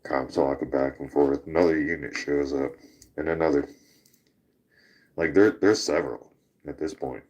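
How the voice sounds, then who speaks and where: Super deep-voiced guy telling a crazy bar story, laughing and cussing. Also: normal speed, long pauses, darkish tone. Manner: laughs while telling a rowdy bar-fight story, swears freely. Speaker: podcast host. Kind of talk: casual storytelling.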